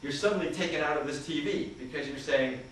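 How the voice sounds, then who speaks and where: Here a communication trainer with a voice on the high side and a fairly bright tone talks fast while presenting an interactive seminar. He puts questions to the crowd in a large conference hall. Sound is echoey and distant from the mic, with faint noise.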